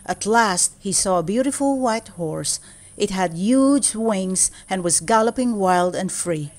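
A woman's voice: mid-range voice, lively intonation, unhurried. Woman reading a children's storybook. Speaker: storybook reader. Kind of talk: children's read-aloud.

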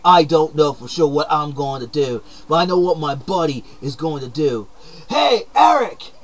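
A young man putting on a hyper, upbeat surfer-dude character with a mullet, talking to camera in an excitable, shouty comedic monologue full of slang. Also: a little high, moderate pace, pitched below the performer's own voice, natural voice. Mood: excited.

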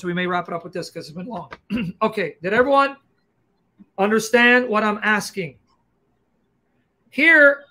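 A man hosting a livestream Q&A and explaining grammar point by point in a fast, emphatic, combative lecturing style. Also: high-pitched, bright, forceful tone. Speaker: Christian apologist host. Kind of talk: livestream teaching Q&A.

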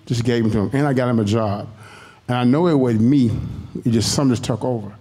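Mellow-voiced man telling his story. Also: mid-range voice, quick pace. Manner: animated, colloquial storytelling. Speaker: congregation member. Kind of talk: personal testimony.

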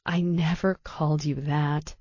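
A woman reading an audiobook voices a female detective, speaking softly and emotionally, close to tears. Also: low voice, fairly even intonation, unhurried, husky, no room sound, highs cut off. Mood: tender. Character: female detective, tender and frightened for her partner.

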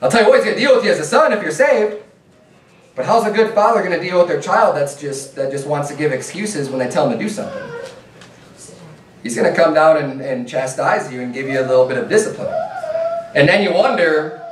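A man's voice: a little high, animated, fast talker, noisy background. Earnest preaching man in an echoey church. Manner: earnest, plain-spoken preaching with scripture readings. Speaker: pastor. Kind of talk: sermon. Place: church sanctuary. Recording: echoey room, mic at a distance.

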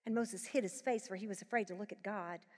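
A woman Bible teacher preaching to a live audience, swinging from hushed tones to loud emphasis. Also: medium pitch, steady tone, fast, big-room sound. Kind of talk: sermon. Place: large live event venue.

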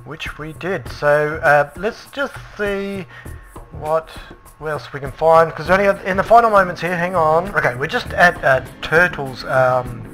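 A man casually commentating a tour of a Minecraft build, chatty and excitable, with frequent ums and restarts. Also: a little high, measured pace, soft background music. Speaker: Minecraft let's play host.

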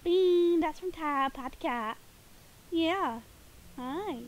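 A woman's voice: extremely high pitch, lively intonation, slight background noise. A woman live-streaming a game from home, chatting playfully and giggling, a little sniffly and groggy. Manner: playful and giggly, quick asides. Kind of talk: casual live-stream chat.

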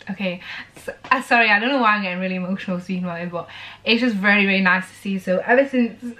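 A woman's voice: medium pitch, quick pace, bright, forceful tone. A young woman, chatting casually and rambling to the camera in a vlog. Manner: rambling and chatty, with many fillers. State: tearful and emotional. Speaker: vlogger.

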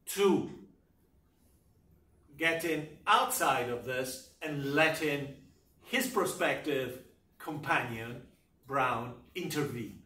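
A man giving a university literature lecture, talking in a deliberate, emphatic way and often checking in with his listeners. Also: a little high, sharp tone. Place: lecture room. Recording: echoey room, voice from far off.

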